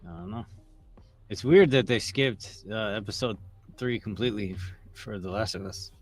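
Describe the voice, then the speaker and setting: A man's voice: on the low side, moderate pace, soft background music. A man co-hosting a casual comedic show review, laid-back and wisecracking. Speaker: podcast co-host.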